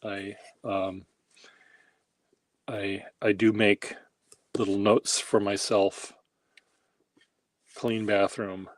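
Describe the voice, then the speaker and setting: A man's voice: lowish voice, flat delivery, extremely slow, long pauses, dry recording. A man hosting a handwriting workshop, rambling casually in a wry, self-deprecating way while he demonstrates. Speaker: pen workshop host.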